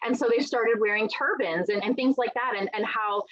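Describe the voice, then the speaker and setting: A middle-aged woman author in a conversational interview, telling lively stories and acting out quoted dialogue. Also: on the high side, brisk, a loud crowd. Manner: animated storyteller, acts out quoted dialogue. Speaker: author guest. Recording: dull, lo-fi sound.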